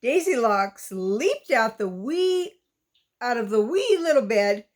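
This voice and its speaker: A woman reading a children's story aloud in a slow, lilting way, asking the young listener questions. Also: fairly high pitch, big pitch swings, slight background noise.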